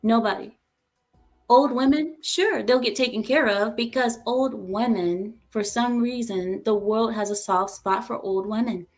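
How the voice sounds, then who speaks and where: Heated woman host ranting in reaction commentary, pitched a bit high. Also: measured pace. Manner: heated, emphatic, repeats herself.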